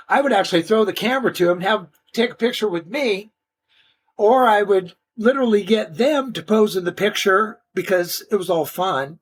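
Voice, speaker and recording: An older man telling stories casually in an interview, animated and slangy, often restarting his sentences. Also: high voice, husky. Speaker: interview guest.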